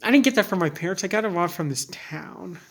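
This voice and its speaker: A young man with a slightly raised pitch, speaking earnestly and openly to camera. His talk rambles and halts, packed with fillers, false starts and self-corrections. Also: lively intonation, a bit bright. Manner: rambling and halting, full of fillers and restarts; earnest and candid. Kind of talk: personal vlog monologue.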